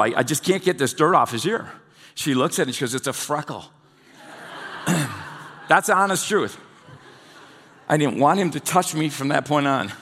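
A man's voice: a little high, gravelly, fairly bright tone. A middle-aged man as pastor giving a conversational sermon and putting questions to his congregation. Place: church hall. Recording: long hall reverb.

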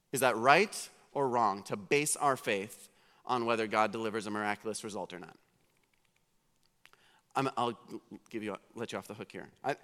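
A man's voice: medium pitch, fairly bright tone. A man preaching a sermon in a conversational, questioning way, stressing key words. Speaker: pastor. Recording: long reverb of a hall.

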